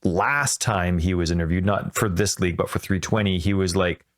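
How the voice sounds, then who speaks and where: Low-voiced excitable man podcasting. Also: moderate pace. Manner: rambling, excitable, self-correcting. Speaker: podcast host. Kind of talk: casual podcast chat.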